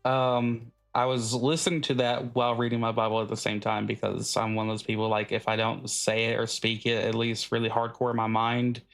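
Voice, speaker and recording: A man's voice: mid-range voice, completely flat delivery, a little fast, vocal fry, few pauses, faint music behind. Rambling man hosting a casual podcast. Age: adult. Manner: rambling, many fillers, laughs often. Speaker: podcast host. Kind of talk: casual chat.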